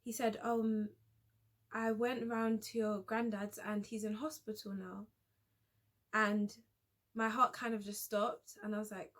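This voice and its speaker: Young woman, vlogger, hesitant, halting, restarts often, personal storytelling. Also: medium pitch. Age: young adult.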